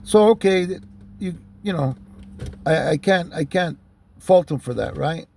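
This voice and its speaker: A man telling a story in a loose, casual way, swearing often and filling pauses with "you know.". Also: on the high side, expressive, creaky, a little mellow, slight background noise. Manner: loose and profane, many fillers like "you know". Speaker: storyteller recounting a police stop.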